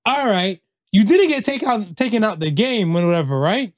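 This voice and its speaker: A man's voice: sits high, animated, moderate pace, no room sound, clean studio sound. A man from Canada co-hosting a podcast in casual chat, slangy and rambling with lots of fillers and restarts. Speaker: podcast co-host.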